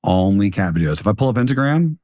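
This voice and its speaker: Lower-voiced man hosting a podcast. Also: very animated, quick pace, dark tone, no room sound, clean studio sound. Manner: eager and playful, prompting the guest. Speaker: podcast host. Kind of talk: podcast intro and casual interview.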